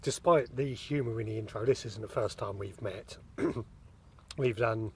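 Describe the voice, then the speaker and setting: A man's voice: lowish voice, a little slow, vocal fry, slight background noise. A man hosting a podcast, chatting in an easygoing, teasing way with a guest on an allotment. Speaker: podcast host. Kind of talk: casual outdoor chat. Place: outdoors on an allotment.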